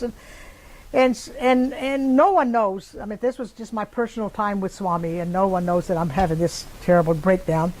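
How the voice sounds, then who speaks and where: An older woman telling a personal story in an interview, pausing often with fillers and restarts. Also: on the high side, darkish tone, rough recording. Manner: halting, many fillers and restarts. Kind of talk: casual spoken recollection.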